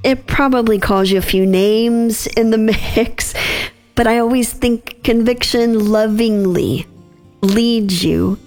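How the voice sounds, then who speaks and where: A woman in her thirties giving a gentle devotional reflection as host, unhurried and soft with small laughs. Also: on the high side, soft background music.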